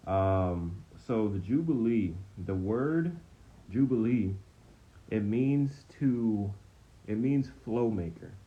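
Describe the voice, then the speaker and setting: A man's voice: fairly low pitch, expressive, slow pace, breathy edge. A man teaching a casual Bible study lesson, talking conversationally and checking in with "okay?" after nearly every point. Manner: conversational, frequent "okay?" check-ins, repeats himself. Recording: dull, slightly lo-fi sound with faint noise.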